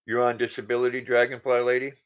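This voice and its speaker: A man's voice: medium pitch, monotone, fast, clean tone. A man in his sixties hosting a casual livestream, greeting viewers by name and reading their comments aloud. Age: 60s. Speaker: livestream host. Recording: dull lo-fi sound.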